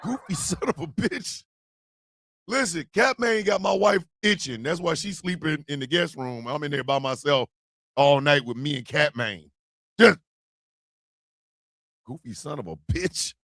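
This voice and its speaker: A man hosting a casual morning show, loud and profane, often shouting and laughing as he talks. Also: a little high, animated, unhurried, pauses often, no echo, clean studio sound. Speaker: host of a morning stream show.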